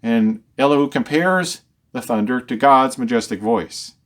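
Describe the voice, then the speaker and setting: A man of ordinary mid pitch teaches scripture verse by verse. He reads the verses with raised emphasis and then talks through them in a relaxed, conversational way, often repeating a word as he gathers his thoughts. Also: measured pace. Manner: repeats words and restarts phrases as he thinks aloud. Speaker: Bible teacher.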